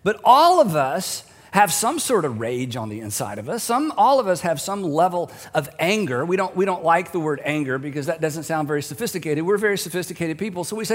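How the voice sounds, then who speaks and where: A man's voice: on the high side, big pitch swings, fairly quick, few pauses, long reverb tail. A middle-aged male pastor preaching a sermon in a conversational, humorous way, acting out the voices he quotes.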